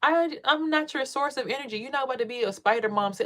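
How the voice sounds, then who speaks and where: Woman talking aave, cussing a lot, animated vlog story, doing the voices of other people. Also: brisk. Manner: animated, profane, acts out quotes in a high voice. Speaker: vlogger and tarot reader.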